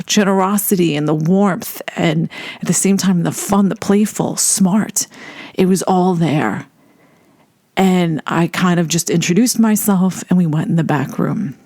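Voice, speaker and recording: A woman telling a personal story in an animated way, laughing often as she recalls a first meeting. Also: on the low side, slow pace, no room sound, clean studio sound.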